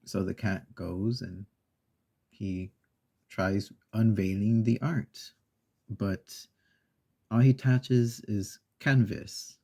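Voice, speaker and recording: A man with a gravelly, breathy voice, retelling a children's story as a soft-spoken ASMR host, slow and meandering with pauses. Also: lowish voice, fairly even intonation.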